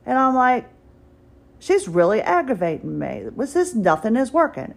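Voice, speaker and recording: Woman rambling thru a story on her podcast, wry, keeps going "i said... she said". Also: fairly high pitch. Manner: chatty, wry, retells dialogue with "I said". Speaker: podcast host. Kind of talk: casual personal storytelling. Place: at home, doing exercises while talking.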